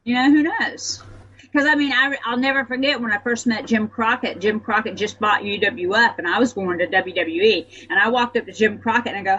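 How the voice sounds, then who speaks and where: A middle-aged woman from the American South, telling stories as a guest in a casual interview, chatty and animated. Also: a little high. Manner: chatty, animated, quick to laugh. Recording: slightly dull audio with faint noise.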